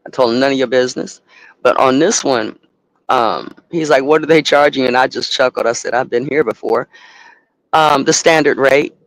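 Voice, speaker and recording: A man who owns a trucking company, telling a profane, animated story and acting out both sides of a phone call. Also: medium pitch, moderate pace. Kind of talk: casual storytelling to a live audience.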